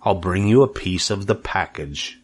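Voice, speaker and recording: A grumpy, self-serving rat who grumbles and snaps sarcastically, as an older man reads him. His complaints jump sharply up and down in pitch. It comes from a storybook reading. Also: lively intonation, normal speed. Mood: grumbling. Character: grumpy, greedy male barn rat.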